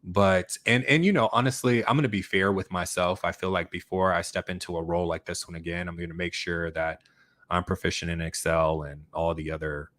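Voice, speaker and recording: A man with a very low, deep voice talks casually on his channel, rambling and restarting his sentences with lots of fillers. The sound is dry and close, with no room around it. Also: fairly even intonation, brisk, a bit bright, dry recording. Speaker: YouTube channel host. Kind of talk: casual livestream chat reading comments.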